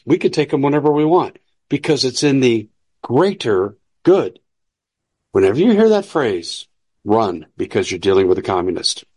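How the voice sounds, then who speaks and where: A man's voice: medium pitch, darkish tone. A man hosting political commentary, talking in an emphatic, preachy and combative way. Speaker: host.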